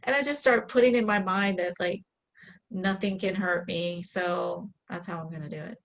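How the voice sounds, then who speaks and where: A woman's voice: fairly low pitch, moderate pace, creaky, poor audio. A woman chatting casually in a playful, upbeat way. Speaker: show host. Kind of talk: casual chat.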